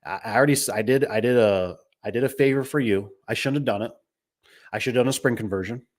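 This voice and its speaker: A man's voice: medium pitch, fast talker. A middle-aged man who runs a garage door business, casually telling stories in a rambling way, full of restarts and acted-out quotes. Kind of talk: casual storytelling.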